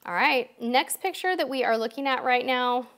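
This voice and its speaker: Her voice is high-pitched and fairly bright, at a normal speed, as she hosts a quiz on a live stream. Talking casually and cheerfully straight to viewers, she comes across slightly weary.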